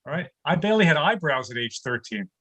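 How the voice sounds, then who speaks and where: An older man in his sixties, from New York City, works through a stand-up set on a video call from his home studio. His voice sits a touch high for a man, and he laughs along at his own punchlines. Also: sing-song, fast, a bit bright. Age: 60s. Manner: punchline-driven, chuckles at own jokes. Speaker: stand-up comedian.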